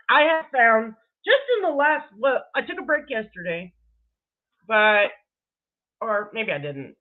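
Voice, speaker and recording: A woman's voice: a little high, measured pace. A woman hosting a reaction commentary video, swearing freely and breaking into laughter. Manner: profane, laughing, animated. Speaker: commentary host. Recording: tinny phone-like sound.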